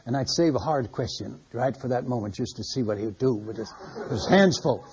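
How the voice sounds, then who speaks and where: A man's voice: medium pitch, lively intonation, a little fast, a crowd in the background. An older man and missionary preacher, telling stories in a folksy, conversational sermon style with a chuckle in his voice. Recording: dull lo-fi sermon recording.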